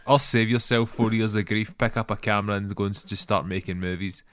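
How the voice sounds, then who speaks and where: Blunt man with a smooth low voice. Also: steady tone, a little fast, fairly bright tone, no echo. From Scotland. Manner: blunt, dry, matter-of-fact. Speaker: podcast co-host. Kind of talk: casual chat.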